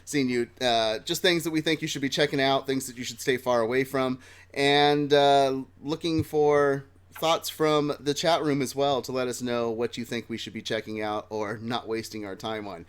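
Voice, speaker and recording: A man's voice: medium pitch, normal speed, smooth. A man hosting a live nerd-culture podcast, chatting casually with fillers and laughs. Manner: relaxed, joking, filler-heavy. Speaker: podcast host. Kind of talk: casual chat.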